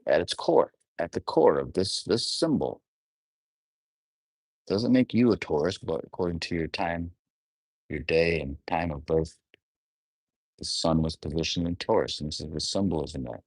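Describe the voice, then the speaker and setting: An astrologer speaks alone without a script, musing aloud, rephrasing, trailing off mid-thought, and asking the listener reflective questions. His voice is low and darkish, at normal speed with frequent pauses, and there's no room sound.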